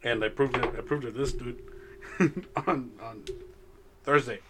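A man's voice: medium pitch, fairly even intonation, a little slow, fairly bright tone, a little hiss or hum. A young man co-hosting a casual chat, telling a story in a laid-back way with frequent laughs. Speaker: podcast co-host.

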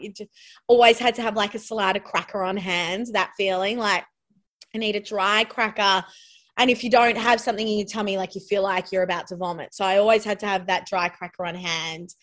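A woman's voice: mid-range voice, a bit bright. An Australian woman sharing a personal story in casual conversation, chatty and full of "like" fillers. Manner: chatty, lots of "like" fillers, laughs while telling. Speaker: podcast guest.

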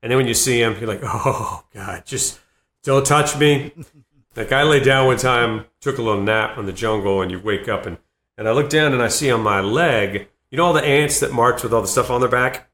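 A man in his fifties, a comedian and former Marine, spins animated anecdotes in an interview and laughs between lines. His voice sits in a middle range. The recording has a roomy echo. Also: mid-range voice, brisk. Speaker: comedian and Marine veteran guest. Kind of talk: storytelling interview.

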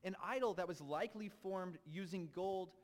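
A man's voice: sits high, moderate pace, in a large hall. A young adult man preaching a sermon, reading scripture aloud and breaking in with casual asides. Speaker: pastor.

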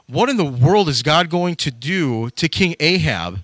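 Animated young preacher, bright voice. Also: male voice, fairly high pitch, unhurried, dry recording. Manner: animated, acts out quoted characters with sudden loud jumps. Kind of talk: casual sermon retelling Bible stories.

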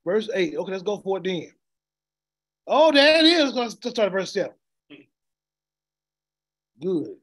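A man with a very high voice preaches verse by verse, throwing questions at his listeners and waiting for them to finish his lines. He often stumbles into repeated words before pressing on. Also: very animated, unhurried, long pauses, fairly bright tone. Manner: call-and-response questioning, stammering repeats. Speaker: preacher teaching scripture. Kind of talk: interactive sermon.

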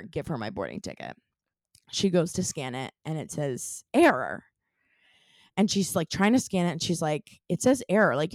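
A young adult woman co-hosts a podcast, telling an animated story in casual conversation and using "like" as a filler again and again. Her voice is fairly low, and the sound is studio quality with no echo.

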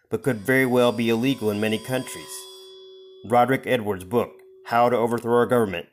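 A man's voice: medium pitch, a little hiss or hum. A man reading a scripted advertisement in a dramatic, announcer-like way. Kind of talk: scripted ad read.

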